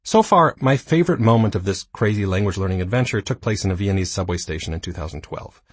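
A man in his thirties reading his own nonfiction book aloud, with dry, self-mocking humor and a slightly husky voice. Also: lowish voice, expressive, fast talker, dry recording. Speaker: audiobook narrator. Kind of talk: scripted nonfiction narration.

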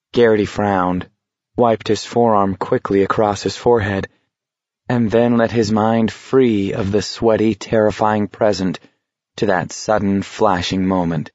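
A man reading a novel aloud in steady, measured scripted narration. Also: fairly low pitch, dry recording, muffled recording. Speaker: audiobook narrator.

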